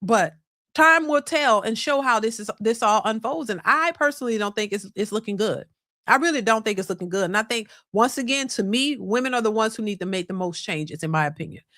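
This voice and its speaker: A woman's voice: fairly high pitch, animated, a little fast, a bit bright, dry recording. Emphatic woman reaction host, dry sound. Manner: emphatic, repetitive, rhetorical questions. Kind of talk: opinionated commentary.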